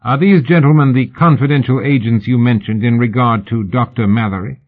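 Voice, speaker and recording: A man's voice: medium pitch, brisk, pitched above the performer's own voice, natural voice. A man doing a suave, courteous Victorian journalist. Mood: polite. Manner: polite, mild, smoothly ingratiating. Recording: narrow phone-like audiobook sound.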